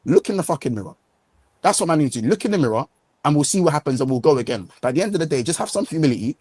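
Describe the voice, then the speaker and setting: A man co-hosting a football podcast, ranting in heated casual chat and looping back over his own points. His voice sits slightly high and rattles along quickly. The sound is close and dry. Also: expressive, a little mellow, husky, dry recording. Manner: ranting, repetitive, slangy.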